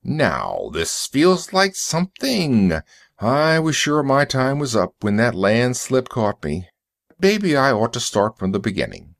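A cheerful robot, chatty and pleased with himself, as a male storyteller puts him on. The delivery is lively in pitch, with a dry, close sound. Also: slow pace, creaky, no echo, heavily acted. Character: cheerful male robot enjoying a new body.

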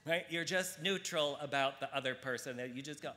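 A man's voice: on the high side, moderate pace, hardly any pauses, bright, forceful tone. A man teaching a spiritual gathering in a frank, irreverent, casual way, acting out the things people say. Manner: frank and irreverent, acts out quoted speech. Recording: long hall reverb.

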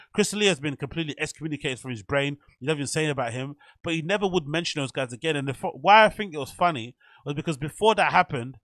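A man's voice: a little high, a bit bright, no room sound, studio quality. A man hosting a commentary channel, chatting casually and rambling with fillers.

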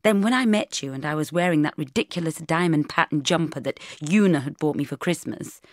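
A woman's voice: deep voice, fairly quick, dry recording, clean studio sound, lightly acted. A woman reading an audiobook, voicing an awkward, reserved grown man who speaks in a hesitant, clipped and slightly cross way. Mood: earnest.

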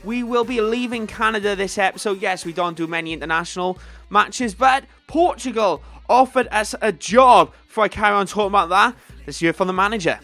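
A man's voice: sits high, fast. A young man commentating on his own football video game, upbeat and talking straight to his viewers. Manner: excitable, upbeat, talks to viewers. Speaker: gaming video host.

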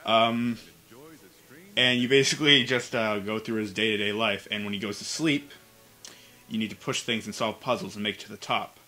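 A young man chatting over a game, loose and profane, often breaking off mid-sentence to start again. His voice is bright and forceful, with faint music playing behind him. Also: on the low side, steady tone, moderate pace. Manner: laughing, swearing, explains in fits and restarts. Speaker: gamer playing co-op commentary. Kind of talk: casual let's play chat.

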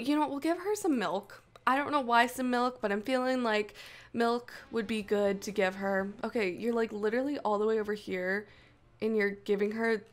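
A young woman hosting casual gameplay commentary, gushing and excitable with frequent gasps. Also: a little high. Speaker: gaming channel host.

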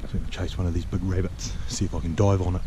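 A man's voice: deep voice, flat delivery, fast. Rowdy swearing New Zealand man outdoors. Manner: rowdy, swears a lot, keeps calling out a name. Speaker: vlogger. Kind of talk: outdoor vlog chat. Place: outdoors in the countryside. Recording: outdoors with clear background noise.

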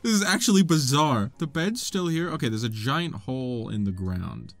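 A young man giving excitable let's play commentary, laughing often and talking back to the game characters. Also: mid-range voice, normal speed, gravelly, soft background music. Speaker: gaming video creator.

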